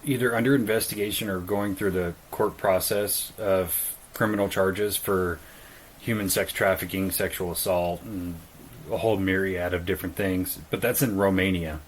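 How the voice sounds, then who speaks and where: A man with a fairly low voice chats casually as a podcast co-host. He talks bluntly, swears freely, and mocks people with quick put-on quotes. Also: steady tone, slight background noise, rough recording. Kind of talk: casual chat.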